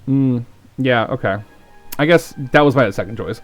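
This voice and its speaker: A man's voice: medium pitch, normal speed. A male streamer playing through a game, thinking aloud over his choices and muttering sweary asides. His voice sits in an average range, with faint game music behind him. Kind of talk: live-streamed game playthrough, reading aloud.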